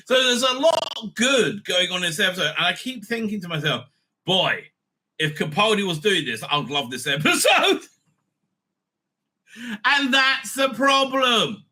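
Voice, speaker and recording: A middle-aged man rambles through a casual review in a high, sharply bright voice. His pitch leaps all over the place as he swears bluntly and laughs between thoughts. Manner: excitable, profane and blunt, laughing often, trailing off mid-thought. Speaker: show host reviewing TV episodes.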